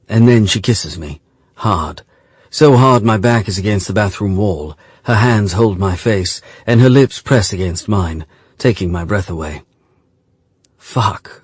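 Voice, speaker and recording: Husky, low-voiced male romance narrator. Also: no room sound, clean studio sound. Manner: slow, tender, intimate. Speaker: audiobook narrator. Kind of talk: first-person romance audiobook narration.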